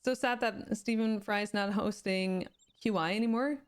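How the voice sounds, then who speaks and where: A woman's voice: mid-range voice, moderate pace, clean tone. Swedish woman chatting with stream viewers. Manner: reads viewer comments aloud and answers them chattily. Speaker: game streamer. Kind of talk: casual chat with live viewers.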